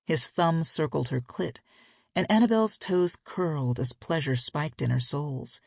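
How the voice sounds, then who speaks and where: A woman narrates a romance audiobook in a steady, intimate way. Her voice has a gravelly fry and a breathy, husky grain. The recording is close and dry. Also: low-pitched, moderate pace, dry recording.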